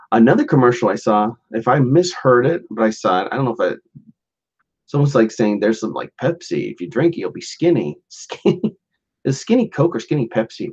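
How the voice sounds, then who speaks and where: A man with a fairly low voice talks through a casual solo podcast. He rambles loosely, packing in fillers and false starts and chuckling along the way. The recording is dull and lo-fi. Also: darkish tone. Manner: rambling, lots of "like" and restarts, chuckles often. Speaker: podcast host.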